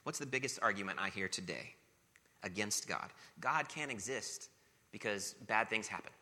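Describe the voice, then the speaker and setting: Male pastor, sermon, fairly low voice with a very sharp, forceful edge. Earnest, repeats for emphasis, long hall reverb. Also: animated, moderate pace. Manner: earnest, rhetorical questions, repetition for emphasis.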